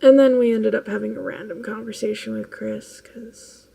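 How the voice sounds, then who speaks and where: A woman's voice: on the high side, steady tone, moderate pace, gravelly, mellow, slightly rough, poor audio. A woman chatting casually on a vlog late at night, tired, rambling and laughing often as she tells stories. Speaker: vlogger. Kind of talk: casual chat.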